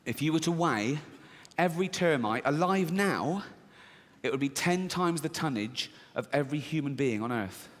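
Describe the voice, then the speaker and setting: A man's voice: fairly high pitch, moderate pace. A man performing a profane stand-up comedy set, acting out characters as he tells his jokes. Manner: animated, profane, acts out characters. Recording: reverberant hall with faint ambience.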